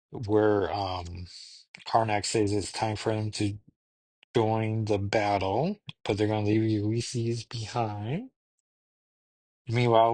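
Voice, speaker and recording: A man's voice: lowish voice, a little mellow, dry recording. A man hosting a podcast, casually recapping a story in a rambling way, thinking aloud with frequent ums. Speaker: podcast host reviewing comics.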